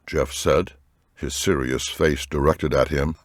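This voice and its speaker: A man narrating an audiobook with expressive storytelling. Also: a bass voice, slow pace, no room sound, studio quality.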